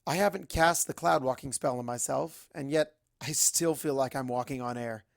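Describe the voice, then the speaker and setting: A man narrating a fan-fiction story in first person, with a brisk, wry, chatty delivery. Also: mid-range voice, creaky, dry recording, clean studio sound. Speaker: fanfic reader.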